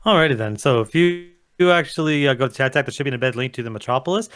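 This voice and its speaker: Quick-talking man, matter-of-fact. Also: mid-range voice, fairly bright tone, clean tone. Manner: matter-of-fact, plugging events. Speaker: podcast co-host. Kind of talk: casual live-stream chat.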